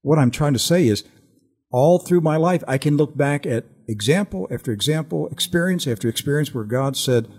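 An older man telling an earnest personal testimony on a Christian talk show, animated and full of restarts. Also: on the high side, normal speed.

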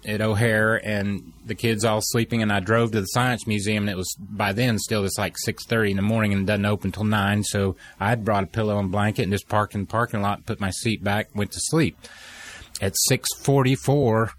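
A middle-aged man telling an emotional faith story, animated and acting out the quoted voices. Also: fairly low pitch, normal speed. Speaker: guest telling a testimony.

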